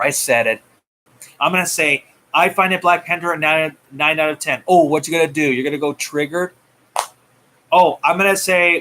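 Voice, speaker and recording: Bright-voiced man ranting heatedly. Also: a little high, slight background noise. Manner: heated, taunting, swings loud and soft. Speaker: movie news vlogger. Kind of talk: ranting commentary.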